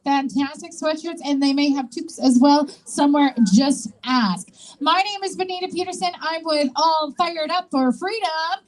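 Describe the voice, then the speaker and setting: A woman with a very high voice emcees a rally, upbeat and loud. She urges the crowd on and leads them in call-and-response chants. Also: moderate pace, rough recording.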